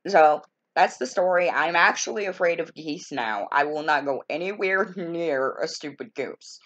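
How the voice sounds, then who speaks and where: A woman's voice: deep voice, expressive, measured pace, fairly bright tone. Exasperated woman telling a story, lo-fi. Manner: exasperated, folksy, colorful expressions. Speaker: storytelling vlogger. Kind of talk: casual storytelling.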